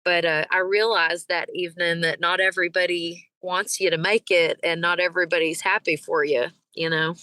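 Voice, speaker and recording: A woman tells stories as a guest in a casual interview, animated and ready to act out the people she talks about. Her voice is bright and sits a little low, and the close mic sounds dry. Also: moderate pace, hardly any pauses, dry recording, low-quality recording. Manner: animated, breaks into laughs and acts out the people she quotes. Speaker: singer and podcast guest.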